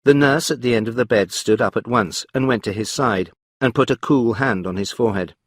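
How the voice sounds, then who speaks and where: Male storyteller, measured clear reading, dry close sound, mid-pitched voice. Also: dry recording. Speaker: narrator. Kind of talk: scripted story narration for learners.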